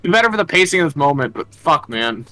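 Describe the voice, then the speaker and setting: A man's voice: fairly high pitch, big pitch swings, pushed and bright, soft background music, rough recording. Rambling man co-streamer. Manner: rambling, halting, heavy "like" fillers. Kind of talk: casual game commentary.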